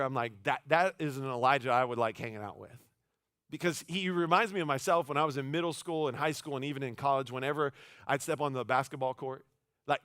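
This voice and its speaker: A pastor giving a sermon in a church, telling the story in a casual, animated way with playful voiced asides. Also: male voice, mid-range voice, smooth, dry recording, studio quality. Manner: casual, conversational phrasing with many restarts.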